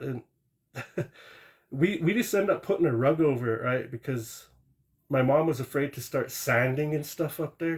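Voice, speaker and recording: A man tells a true ghost story as a guest on a live stream. His voice sits at an ordinary middle pitch. He rambles in a plain-spoken way, restarting sentences and adding asides as he goes. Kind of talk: casual storytelling.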